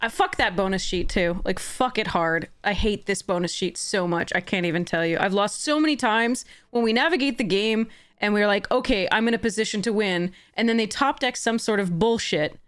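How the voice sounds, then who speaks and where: A woman streamer giving gameplay commentary on a livestream, swearing and ranting in frustration, with high shouted bursts. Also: moderate pace, hardly any pauses, clear, resonant tone.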